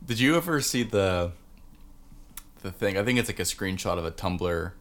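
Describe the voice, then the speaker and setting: A man's voice: deep voice, animated, normal speed, a bit bright. A man co-hosting a podcast, chatting casually, rambling and joking, often trailing off into fillers. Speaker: podcast co-host. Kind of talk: casual chat.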